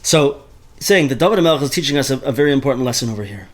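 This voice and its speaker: A man's voice: medium pitch, racing. Man teaching a Torah class. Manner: animated, mixes Hebrew terms into speech, repeats words often.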